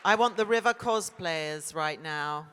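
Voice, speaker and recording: A woman on a convention panel stage answering fan questions in a playful, laughing, quick-witted way. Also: sits low, fairly bright tone, some chatter behind, slight background noise. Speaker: actor guest on a convention panel. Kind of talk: lively panel Q&A. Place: large convention hall stage. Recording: echoey convention hall with audience.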